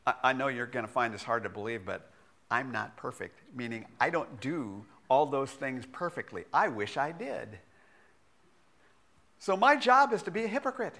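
Male pastor, middle-aged, sermon delivery: animated, voice on the high side, swings between loud and hushed. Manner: animated and self-deprecating, with laughs and repeated restarts.

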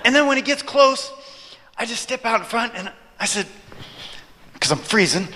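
Male preacher, storytelling sermon; high, bright, animated delivery; reverberant church hall. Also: normal speed, pauses often, slight background noise. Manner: animated, joking with the audience. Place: church hall, before an audience.

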